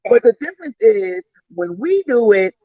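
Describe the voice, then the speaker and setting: A woman's voice: fairly high pitch, big pitch swings, normal speed. A woman arguing bluntly and with lots of swearing in a heated podcast debate. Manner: blunt, profane, argumentative. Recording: dry, dull lo-fi mic.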